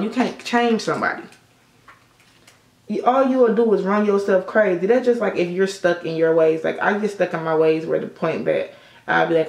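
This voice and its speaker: A woman's voice: low-pitched, steady tone, normal speed, creaky, a little mellow, reverberant. A young woman chatting casually through a makeup tutorial, telling stories with a lot of swearing. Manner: chatty storytelling with frequent swearing. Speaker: beauty vlogger. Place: indoor room at sunset.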